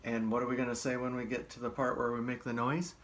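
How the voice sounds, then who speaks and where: A man's voice: medium pitch, little pitch movement, fast. Cheerful man hosting children's storytime. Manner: cheerful, addressing young children directly. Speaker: library storytime host. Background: acoustic guitar playing.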